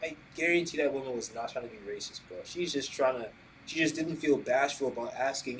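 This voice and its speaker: A man in a loose podcast conversation, tossing out "bro" and "right?" as he builds his points. His voice sits at an ordinary middle pitch with a faint background hiss. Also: fairly quick, rough recording. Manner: animated, says "bro" and "right?" often, asks questions. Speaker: podcast host. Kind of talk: casual podcast chat.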